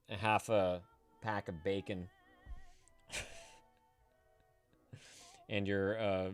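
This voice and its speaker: A man in his thirties streaming live from home, reading viewers' messages aloud and ranting about them with a lot of swearing. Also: lowish voice. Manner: profane, indignant ranting.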